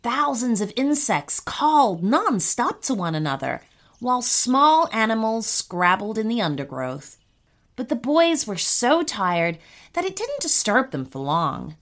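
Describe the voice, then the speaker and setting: Animated woman narrating a children's story. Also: on the high side, a little slow.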